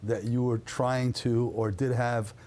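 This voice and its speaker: A man interviewing a guest, laying out accusations in a measured way with some "uh" and "um". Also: mid-range voice, level tone, a little mellow. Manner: measured, lists accusations, hesitant fillers. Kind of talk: sit-down interview.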